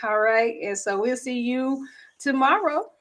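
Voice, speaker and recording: A woman's voice: sits high, expressive, measured pace, a bit bright. Chatty, laughing woman hosting a livestream. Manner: chatty, laughs often, self-teasing. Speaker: host.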